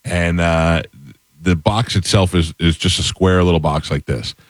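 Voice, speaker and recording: Very deep-voiced male podcast host. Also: steady tone, a little slow, no room sound. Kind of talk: casual podcast chat.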